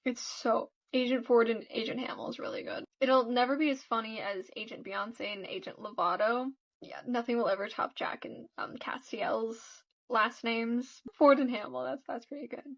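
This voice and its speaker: Woman reacting to a TV show, gushing, emotional, chatty, higher voice, a little distant from the mic. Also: fairly even intonation, moderate pace, a bit bright. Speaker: reaction video creator. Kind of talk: casual reaction commentary.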